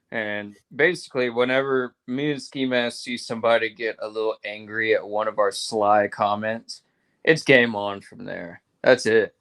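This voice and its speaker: A man's voice: fairly low pitch, fairly even intonation, moderate pace, fairly bright tone, clean tone. A man co-hosting a podcast, bantering crudely and teasing the others. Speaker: podcast co-host.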